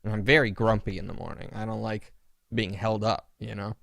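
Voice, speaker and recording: A man hosting a podcast, telling everyday stories in a casual, grumbling, animated way. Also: a little fast, gravelly, no room sound, studio quality. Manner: animated, swooping pitch, grumbling rants. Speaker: podcast host. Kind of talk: casual storytelling chat.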